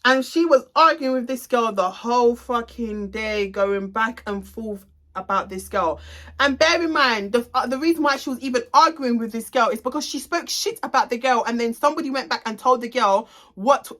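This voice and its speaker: Blunt gossipy woman with a bright voice. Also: on the high side, moderate pace. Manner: gossipy, blunt, swears freely; addresses viewers directly. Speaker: salon owner. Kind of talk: casual storytime vlog.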